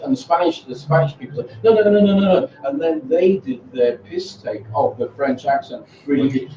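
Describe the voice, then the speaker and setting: A man leads a seminar, chatty and full of restarts as he tells classroom stories. His voice is mellow and dark. He sounds distant in a roomy space, dull and lo-fi with a faint hiss. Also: mid-range voice. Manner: chatty storytelling, many restarts. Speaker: English teacher presenting a seminar. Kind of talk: conference seminar talk.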